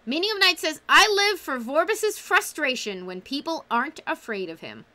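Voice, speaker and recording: A woman's voice: sits high, big pitch swings, normal speed, pushed and bright. A woman hosting a casual livestream book club, talking enthusiastically and reading out chat comments.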